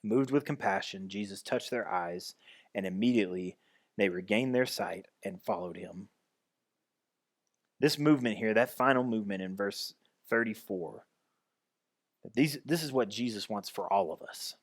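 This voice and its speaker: A man's voice: on the low side, moderate pace, long pauses. A man pastor giving a conversational sermon, restarting and repeating phrases as he goes.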